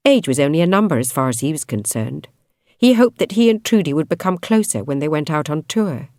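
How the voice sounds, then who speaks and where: A woman reading a novel aloud as an audiobook narrator, in expressive, measured storytelling. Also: low voice, dry recording, studio quality. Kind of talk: scripted narration.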